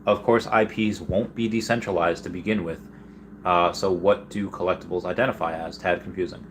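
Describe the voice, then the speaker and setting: A man hosting a casual livestream, reading viewer comments aloud and rambling excitedly, often trailing off mid-sentence. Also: deep voice, fairly quick, a little hiss or hum. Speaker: livestream host.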